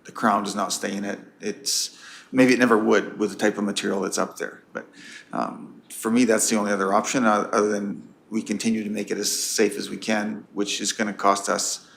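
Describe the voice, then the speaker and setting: A man speaking as a county councillor in a council meeting debate, blunt and halting, with many restarts. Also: fairly low pitch, little pitch movement, vocal fry, a bit bright, a little hiss or hum.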